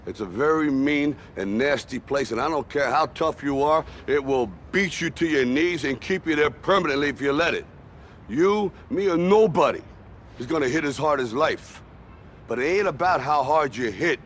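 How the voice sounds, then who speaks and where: Gruff aging boxer-father, blunt street talk, pitched a bit high, faint hiss behind. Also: lively intonation, normal speed. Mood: stern, forceful. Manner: blunt street talk, swinging from loud pushing to quiet tenderness. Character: aging male boxer lecturing his grown son. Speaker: film clip.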